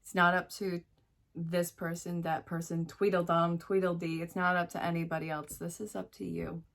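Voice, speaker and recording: Low-voiced woman giving a tarot reading. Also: little pitch movement, moderate pace, creaky, fairly bright tone. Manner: direct, encouraging, addresses the listener as "you"; chatty asides, talks to spirit. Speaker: tarot reader. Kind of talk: solo tarot reading to camera.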